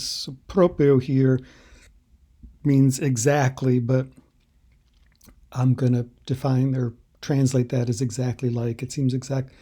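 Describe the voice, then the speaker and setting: A man talks through a translation lesson in a slow, deliberate way, pausing on hesitant fillers as he explains. His voice sits at an ordinary pitch with a mellow, darker tone. He sounds like a teacher walking learners through a text. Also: little pitch movement. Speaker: language teacher.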